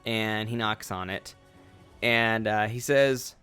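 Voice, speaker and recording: A man's voice: on the low side, slow, sharp tone, faint music behind. A man narrating a tabletop game as game master, loose and rambling.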